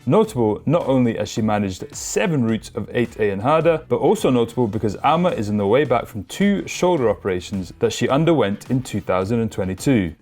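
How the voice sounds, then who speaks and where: Man co-host, climbing news, conversational, mid pitch, faint music bed. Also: lively intonation, fairly quick, hardly any pauses, a little mellow. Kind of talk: news show banter and read reports.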